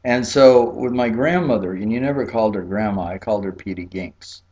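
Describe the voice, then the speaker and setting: A man from Key West, Florida telling a childhood story in a relaxed, chatty way, with frequent fillers and laughs. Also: lowish voice, a little fast, muffled recording. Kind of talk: personal storytelling.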